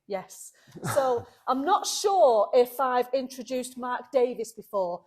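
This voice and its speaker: A woman hosts a casual vlog, talking straight to her viewers in a slightly high voice. She is emotional and quick to laugh, and thanks people warmly as she goes. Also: animated. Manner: warm, emotional, laughs often. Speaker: vlogger leading a car restoration. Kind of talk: casual chat to camera.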